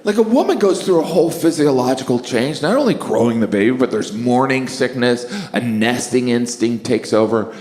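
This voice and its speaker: A middle-aged man performing stand-up comedy with a deadpan, exasperated delivery. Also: mid-range voice, normal speed, hardly any pauses. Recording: stage mic in large echoey theater. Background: audience laughter.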